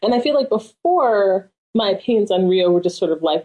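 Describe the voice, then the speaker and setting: Young woman podcast co-host, middle pitch, casual, opinionated, chatty with fillers. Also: moderate pace, few pauses, low-quality recording. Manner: animated, opinionated, frequent fillers. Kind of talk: casual chat.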